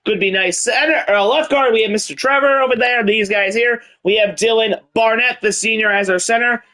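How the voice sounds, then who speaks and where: A man's voice: high voice, fairly quick, sharp tone. A man doing a put-on Irish accent while hosting and commentating a football video game dynasty, calling things out like a hyped announcer. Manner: hyped announcer calls with Irish-style "laddies". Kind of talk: gameplay commentary.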